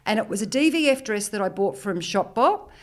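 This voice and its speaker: A lively Australian woman in her forties chats as a podcast guest. She tells her stories with animated energy and lets the odd swear word slip, in a mid-pitched, everyday voice. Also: fairly quick. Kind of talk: casual chat.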